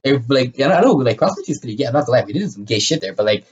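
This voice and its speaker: A man's voice: medium pitch, big pitch swings, racing, husky, muffled recording. A young man co-hosting a podcast, telling crude stories in a rambling way, with lots of fillers and frequent laughter. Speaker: podcast co-host. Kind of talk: casual chat.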